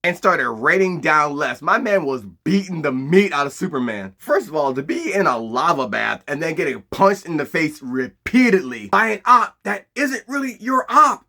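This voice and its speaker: Animated, profane man doing a comedic recap. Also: on the high side, moderate pace, gravelly, few pauses. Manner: animated, profane, slangy storytelling.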